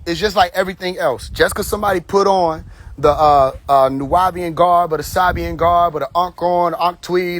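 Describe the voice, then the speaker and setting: A man's voice: on the high side, a bit bright. Blunt, rambling man on a phone livestream. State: tipsy. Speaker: live stream host. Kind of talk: casual live stream monologue.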